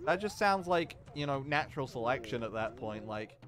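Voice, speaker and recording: A man's voice: medium pitch, expressive, moderate pace. A man streaming a video game, joking casually and stammering over his words.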